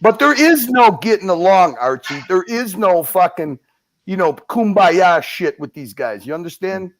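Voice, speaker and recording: A man speaking on a livestream in a forceful, lecturing way, swearing as he makes his point. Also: high-pitched, lively intonation, moderate pace. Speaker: livestream guest. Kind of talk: heated livestream commentary.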